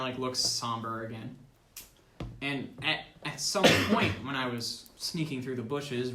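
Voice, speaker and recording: A man's voice: medium pitch, sharp tone. A teenage boy playing a tabletop role-playing game, telling his character's story in an earnest, dramatic way. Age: teens. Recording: echoey room.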